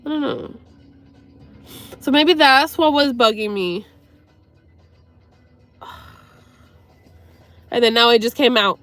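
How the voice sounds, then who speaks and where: High-voiced woman, tearful and rambling. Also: a bit bright, no room sound, faint music behind. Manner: rambling, sweary, halting with sighs. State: near tears. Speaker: livestreamer. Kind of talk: emotional personal talk to viewers.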